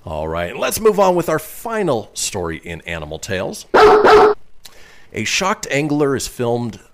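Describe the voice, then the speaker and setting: A man's voice: mid-range voice, wildly swooping pitch, a little slow, a little hiss or hum. A man hosting a casual radio talk show, reading news stories aloud and adding chatty asides. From northern Nevada, US.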